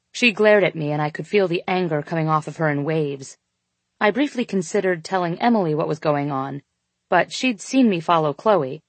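A woman reading a first-person audiobook in steady, measured scripted narration. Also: sits low, no echo.

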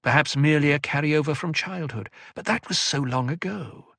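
A man reading an audiobook with scripted narration, in an even, deliberate way. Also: a little high, gravelly, no echo, clean studio sound.

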